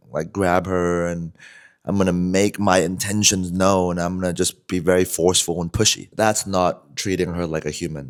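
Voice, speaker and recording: Deep-voiced man telling a casual story. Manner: relaxed, rambling, frequent fillers like "you know" and "like". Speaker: vlogger.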